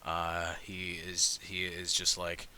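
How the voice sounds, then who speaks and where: A man's voice: deep voice, completely flat delivery, slow, sharp tone, clean tone. A man playing a tabletop game, describing his character's actions in a loose, casual way. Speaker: player.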